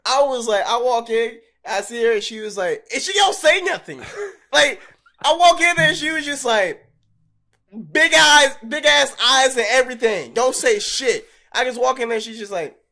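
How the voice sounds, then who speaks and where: A young man co-hosting a podcast, telling stories in a loose, animated way, swearing freely and laughing often. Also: very high voice, normal speed. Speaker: podcast co-host. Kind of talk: casual chat.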